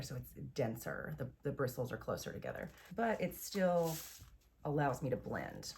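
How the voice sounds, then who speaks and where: A woman's voice: low voice, a little mellow. A woman hosting a makeup tutorial, chatty and enthusiastic, explaining each step as she goes. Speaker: beauty vlogger.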